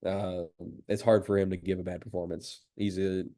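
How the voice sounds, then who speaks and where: A man's voice: low voice, little pitch movement, moderate pace, dark tone. A man from the United States, a voice actor talking in a casual interview with an enthusiastic, admiring manner. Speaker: voice actor guest.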